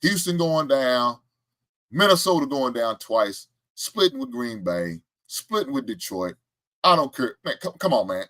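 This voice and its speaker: Boastful, lively-voiced man talking sports. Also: mid-range voice, normal speed. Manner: boastful, animated, trash-talking with laughs and chat replies. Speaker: show host. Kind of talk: casual live-stream sports talk.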